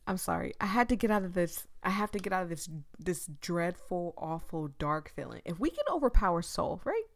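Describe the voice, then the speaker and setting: A young woman streamer who reads a visual novel aloud, moving between hushed narration and dramatic outbursts. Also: fairly low pitch, moderate pace, dry recording. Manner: expressive, dramatic, shifts between hushed reading and loud reactions. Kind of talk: reading a game aloud with reactions.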